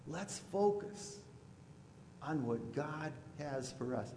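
A man preaching a sermon as pastor, now and then mimicking loud objectors. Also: a little high, animated, takes it slowly, slight background noise. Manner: preachy, rising to loud mocking voices for imagined objectors. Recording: echoey hall with long reverb.

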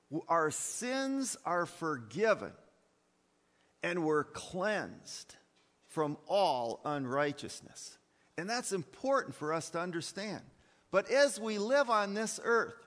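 Animated preacher man in echoing hall. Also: high voice. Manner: emphatic preaching with rhetorical questions and repetitions. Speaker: pastor. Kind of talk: sermon. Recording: long hall reverb.

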